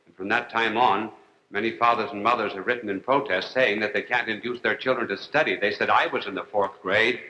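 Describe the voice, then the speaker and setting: A man speaks as a priest giving a lecture to a television audience. His voice is sharp and bright, and his delivery is wry and unhurried. He spaces his phrases out and drops his jokes with a straight face. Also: fairly low pitch, fairly even intonation, a little hiss or hum, poor audio. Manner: wry, deliberate, with long pauses and dry jokes. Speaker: priest and TV host.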